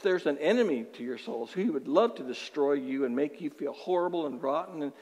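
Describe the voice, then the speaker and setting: A man's voice: fairly high pitch, animated, brisk, darkish tone. A male pastor preaching a sermon, emphatic, repeating words for stress and acting out inner voices. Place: church sanctuary. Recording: long hall reverb.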